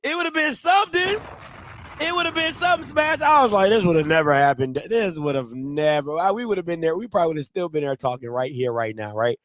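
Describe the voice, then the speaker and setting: A man's voice: high-pitched, expressive, a little fast, fairly bright tone. A man from Ohio telling a casual, slangy story to his viewers, repeating and restarting phrases as he goes. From Ohio, USA. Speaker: vlogger.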